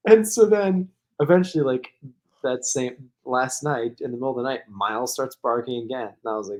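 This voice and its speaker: At a medium pitch and a slightly fast clip, a male podcast co-host rambles through a long, easygoing anecdote. "Like" crops up constantly, and he laughs along the way.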